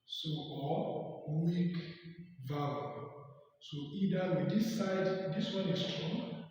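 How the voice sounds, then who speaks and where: A man's voice: fairly high pitch, slow, darkish tone, a little hiss or hum. A man teaching English pronunciation, who asks questions and answers them himself, repeating key words. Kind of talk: video lesson on pronunciation. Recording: echoey hall from far off, faint music.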